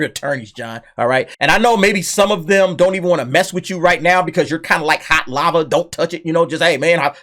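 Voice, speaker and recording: A man's voice: mid-range voice, fairly bright tone. A man hosting his own commentary channel, reacting bluntly and mockingly to a news story, laughing often and tagging lines with "okay?" and "all right?".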